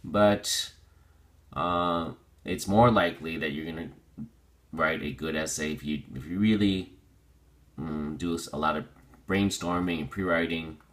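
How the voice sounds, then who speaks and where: A man teaching a vocabulary lesson, drilling pronunciation slowly and restating each point in other words. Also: very deep voice, fairly bright tone. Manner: slow, deliberate pronunciation drills; explains with repetition and restatement.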